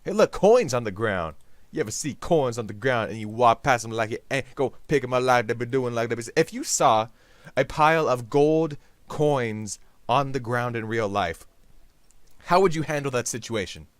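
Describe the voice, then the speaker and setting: A man's voice: mid-range voice, animated, normal speed, no echo. A man hosting his own game channel, rambling through silly jokey commentary while he plays. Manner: goofy, jokey, sudden bursts of silly voices. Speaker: gaming YouTuber host. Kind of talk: rambling comedic gameplay commentary.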